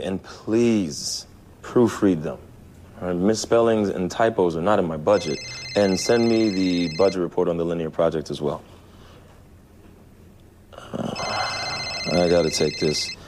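An actor playing a brisk, businesslike office manager and father who gets an unwelcome phone call. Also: low-pitched, a little mellow, a little hiss or hum, natural voice.

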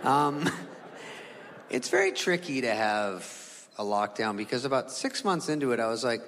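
Animated, profane stand-up comedian man. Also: mid-range voice, unhurried, slight background noise. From California. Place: comedy stage before an audience. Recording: reverberant hall with laughing crowd.

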